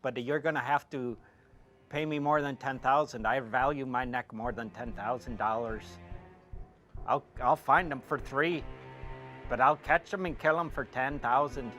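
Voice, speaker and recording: A man voicing a gruff male shark hunter in his own plain, flat reading voice, wooden and hesitant, with no accent. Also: medium pitch, a little slow, soft background music. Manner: hesitant, wooden, loses the lines.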